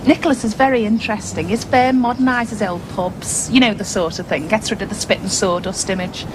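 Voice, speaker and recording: An actress playing a snobbish suburban housewife who is easily flustered, huffy in private and sweetly polite on the phone, in studio sitcom style. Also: female voice, mid-range voice, steady tone, fairly quick, lightly acted. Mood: chatty. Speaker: sitcom character, hostess planning a dinner party. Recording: studio audience laughter, background noise.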